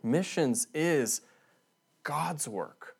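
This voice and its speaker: A man's voice: fairly high pitch, lively intonation, extremely slow, vocal fry, breathy edge. A man speaking as a visiting missionary in a church, preaching earnestly and building emphasis as he makes his points. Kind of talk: sermon.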